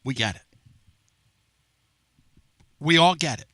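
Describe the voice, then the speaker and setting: A man hosting a sports talk radio show, telling animated stories in a brash, lively way. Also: on the high side, takes it slowly, no echo, clean studio sound. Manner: animated storyteller, does mock voices, brash.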